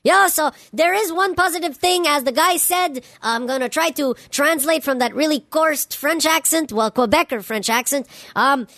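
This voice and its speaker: A woman's voice: sits high, normal speed, fairly bright tone, dry recording, studio quality. A woman playing a swaggering, profane stoner male news anchor on a spoof radio show, full of slang. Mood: brash. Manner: slangy, profane, "you know what I'm saying". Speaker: comedy radio host. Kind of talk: comedy radio sketch.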